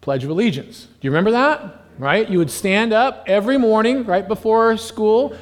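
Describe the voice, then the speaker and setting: A man's voice: high voice, normal speed. A man in his forties, a pastor giving a casual, joking sermon full of fillers and asides. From United States. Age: 40s. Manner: joking, rambling with many fillers. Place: church hall. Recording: long hall reverb.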